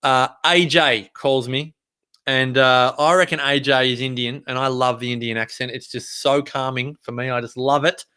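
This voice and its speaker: A man with an Australian accent telling a story in a chatty, animated way. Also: mid-range voice, moderate pace, smooth. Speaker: vlogger. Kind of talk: casual storytelling.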